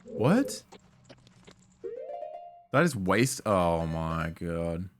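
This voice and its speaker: A young man grumbling his way through live gameplay commentary, breaking into sudden high-pitched outbursts of frustration. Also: animated, a little slow, fairly bright tone. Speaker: game streamer. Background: faint game music.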